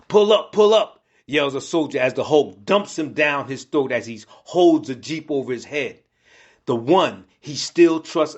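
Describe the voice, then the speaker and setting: Husky male comics narrator. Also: medium pitch, lo-fi sound. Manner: dramatic storytelling, acts out each character.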